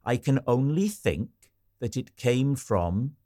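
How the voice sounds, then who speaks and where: A man from Wales hosting a podcast, telling stories in an animated, chatty way. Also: mid-range voice, slow, no room sound, studio quality. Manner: chatty, animated storyteller, trails off and restarts. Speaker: podcast host. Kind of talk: casual chat.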